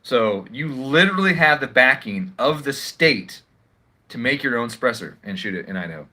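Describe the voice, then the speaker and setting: A man's voice: mid-range voice, very animated, normal speed, pushed and bright. A man ranting casually on a livestream at home, swearing often and sounding sarcastic as he rambles. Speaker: live streamer.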